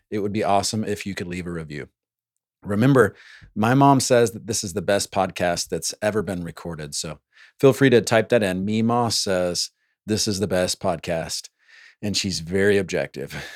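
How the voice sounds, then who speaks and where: Male podcast host, somewhat low voice, playful and joking, dry close-miked sound. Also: dry recording. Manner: playful, jokey asides. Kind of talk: solo podcast monologue.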